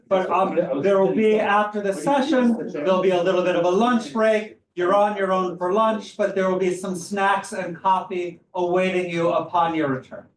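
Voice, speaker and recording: A man organizing a conference, making casual announcements about the schedule in a lecture room. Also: high-pitched. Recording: echoey room, distant mic.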